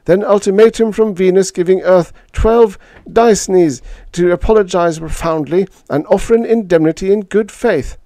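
Guy doing a grim ambassador, clipped urgent fragments, louder and higher. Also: normal speed, hardly any pauses, dry recording.

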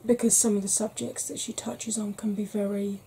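A Welsh woman chatting frankly in a soft-spoken ASMR vlog, rambling with fillers. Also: medium pitch, flat delivery, brisk, vocal fry, a little hiss or hum. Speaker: ASMR vlogger.

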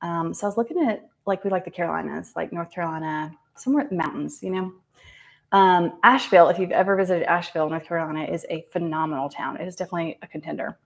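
A woman's voice: on the low side, fast, vocal fry. A woman, a nurse practitioner chatting casually on a livestream while she gets ready, with frequent ums and laughs. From American South. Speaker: nurse practitioner live-streaming.

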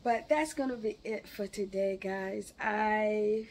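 A woman reading a classic novel aloud, unhurried, with chatty exclaiming asides between chapters. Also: mid-range voice, a little hiss or hum. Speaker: book reader.

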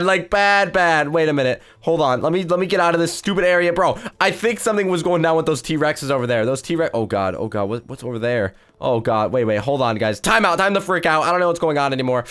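A young man hosting a gaming video, giving excited play-by-play and shrieking in mock panic. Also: a little high. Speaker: YouTube gaming host. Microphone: desk mic with face cam.

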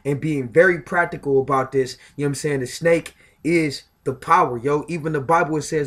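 A man with a slightly higher-pitched voice holds forth in a casual, profane spiritual monologue. He talks with heavy emphasis, keeps looping back to filler phrases, and stumbles over repeated words as he pushes his point. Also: fairly quick, few pauses, fairly bright tone. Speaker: self-styled spiritual commentator.

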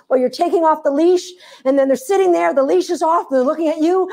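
A woman dog trainer giving an instructional talk, animated and playful as she tells stories. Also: very high-pitched, fast, gravelly, few pauses.

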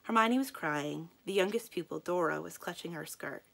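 A woman librarian reading a children's book aloud in a calm, expressive storytelling manner. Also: fairly low pitch, moderate pace, gravelly.

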